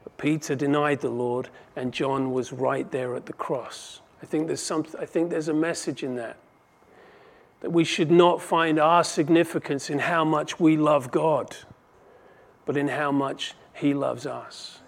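A male pastor preaching with conviction, his voice pitched slightly above the usual male range. He builds to forceful peaks and then falls quiet to let key lines land. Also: fairly even intonation, unhurried, vocal fry. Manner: impassioned, rising and falling in volume for emphasis. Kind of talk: sermon.

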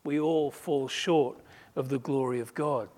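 A man preaching a sermon, emphatic, swinging between loud declarations and quiet asides, acting out quoted voices. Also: mid-range voice, fairly even intonation. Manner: slow, measured delivery with quoted voices acted out.

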